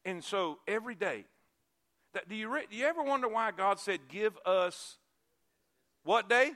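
Delivering a sermon at a normal pace, this high-voiced male pastor uses lively intonation and returns again and again to key phrases. His volume shifts from booming emphasis to quiet asides.

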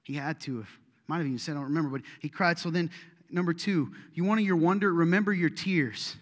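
A man's voice: on the high side, fast talker, long reverb tail. A middle-aged man preaching a sermon in a church, joking and chatty at first, then building to emphatic preaching. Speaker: pastor. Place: church sanctuary.

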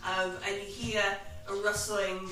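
A woman running a tabletop game as game master, narrating with many pauses and ums, in an echoey room away from the mic. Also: mid-range voice, level tone, recorded from a distance, over music. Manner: hesitant, fills pauses with um, laughs often.

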